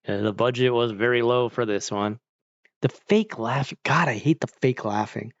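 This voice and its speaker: A man's voice: medium pitch, a little slow, no echo, muffled recording. A man streaming and chatting casually with viewers, rambling, saying "like" a lot and laughing often. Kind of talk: casual chat.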